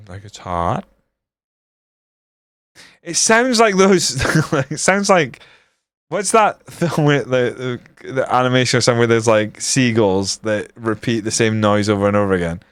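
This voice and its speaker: Excitable sweary man streaming a game. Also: mid-range voice, normal speed, clear, resonant tone, no echo. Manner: swears a lot, reacts loudly to the match. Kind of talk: live game stream commentary.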